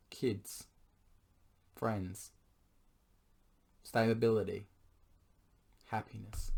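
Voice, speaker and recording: Late at night, a vlogger addresses his partner in a confessional monologue, his slightly low, mellow voice gone hoarse. He sounds earnest and pleading, pausing often to clear his throat as his voice fails.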